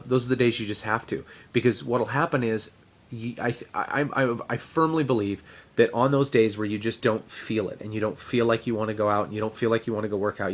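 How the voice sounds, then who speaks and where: A man, a teacher, talking casually to camera in a fitness video diary, rambling with fillers and self-deprecating asides. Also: on the low side. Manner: rambling, with frequent fillers and restarts. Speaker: teacher sharing a fitness update.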